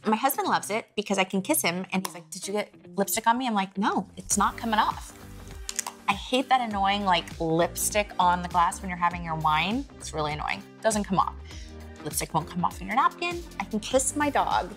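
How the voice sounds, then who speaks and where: A woman's voice: mid-range voice, animated, a little fast, fairly bright tone, soft background music. A woman in her forties hosting a casual lifestyle vlog, chatty and gushing as she shows off her favorite things. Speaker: vlog host.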